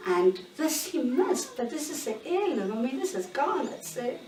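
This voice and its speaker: A woman's voice: high-pitched, sing-song, darkish tone. Woman in her sixties, roomy. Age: 60s. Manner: candid, halting, searching for words. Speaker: interviewee. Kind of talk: personal account in an interview. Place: bedroom in her own home. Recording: roomy sound, mic at a distance.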